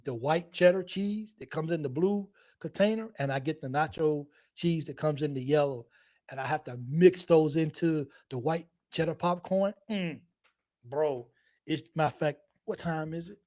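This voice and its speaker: Casual male stream host, slightly high voice, rambling and full of laughs. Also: darkish tone. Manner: chatty, rambling, repeats himself, laughs often. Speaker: fan show host. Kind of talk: casual live-stream chat.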